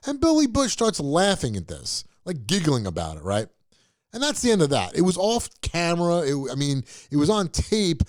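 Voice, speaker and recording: Animated, blunt man ranting on air. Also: mid-range voice, dry recording, studio quality. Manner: blunt and profane, scoffing. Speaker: show host. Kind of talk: ranting commentary monologue.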